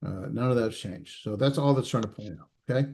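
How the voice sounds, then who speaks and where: A man teaching a recorded class, explaining slowly with many fillers and restarts and checking in with his students. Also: on the low side, a little mellow. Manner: checks in with students, self-correcting. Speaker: instructor.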